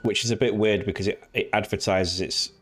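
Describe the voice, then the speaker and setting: A man's voice: lowish voice, steady tone, fairly quick. Rambling, swearing male game streamer. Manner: rambling, swearing, acting out game lines in silly voices. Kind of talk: casual gameplay commentary. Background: game music.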